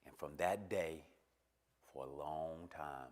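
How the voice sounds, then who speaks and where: A middle-aged man speaks unhurriedly in church, recounting his emotional personal testimony. His lines alternate between a hushed near-whisper and emphatic high points.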